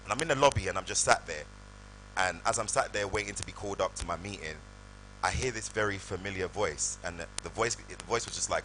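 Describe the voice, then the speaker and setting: A British guest actor tells animated stories on stage in a live event hall before an audience, acting out voices in his anecdotes. He talks fast in a low voice, and the poor audio carries a little hiss or hum.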